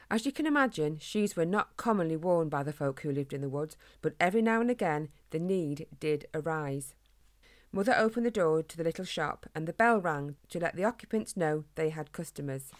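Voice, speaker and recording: A woman reading a children's storybook in a gentle, expressive way. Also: on the low side.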